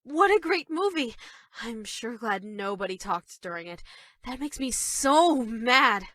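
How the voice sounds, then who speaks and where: A high-pitched, obsessive schoolgirl for a dating game, bashful and stammering one moment and quietly sinister the next. The recording is dry and close, with no room sound at all. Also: lively intonation, a little slow, no echo. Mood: shy adoring. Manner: shy and stammering, with sudden dark menace. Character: obsessive yandere schoolgirl, sweet but creepy. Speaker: voice actress for a dating game character. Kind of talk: scripted game voice lines.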